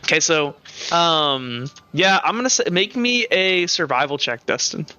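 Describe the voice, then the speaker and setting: Bright-voiced man running a tabletop game. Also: a little high, animated, measured pace, smooth, no echo, lo-fi sound, faint music behind. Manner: rambling, often correcting himself mid-sentence. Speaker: game master. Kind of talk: narrating a tabletop game on a live stream.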